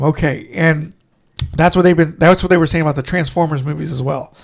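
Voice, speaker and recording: A man's voice: a little high, fairly even intonation, brisk, vocal fry. A man co-hosting a casual podcast chat, telling rambling, profane stories full of restarts. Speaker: podcast co-host.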